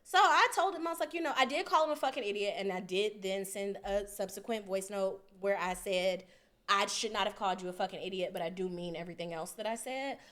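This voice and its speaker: A woman's voice: medium pitch, a little fast, fairly bright tone. A woman co-hosting a podcast, telling a story in a casual, profane way and acting out both sides of the argument. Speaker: podcast co-host.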